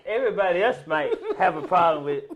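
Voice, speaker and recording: A man's voice: high voice, animated, fast. A man hosting a casual podcast chat, who mostly gives short agreeing replies. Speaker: podcast host. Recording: dull lo-fi sound.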